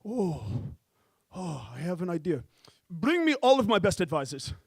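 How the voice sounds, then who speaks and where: A man's voice: high-pitched, sing-song, moderate pace, husky, no room sound, studio quality, pitched below the performer's own voice, exaggerated voice. A man voicing a rich, pompous oil sheik who makes grand theatrical pronouncements. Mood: grandiose.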